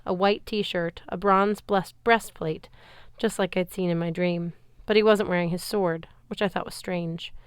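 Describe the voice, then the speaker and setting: A woman's voice: lowish voice, clean tone, dry recording. A woman reading a novel aloud, telling the story expressively in first person. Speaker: reader.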